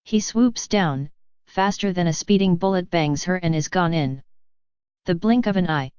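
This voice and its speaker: A woman reading a series of jokes in a deadpan, measured scripted narration. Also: lowish voice, smooth, no room sound, muffled recording. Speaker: joke reader.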